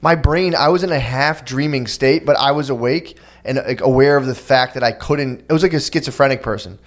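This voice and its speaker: A man's voice: medium pitch, a little fast. A man co-hosting a podcast, telling a rambling, profane story in casual chat. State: new father. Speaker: podcast co-host.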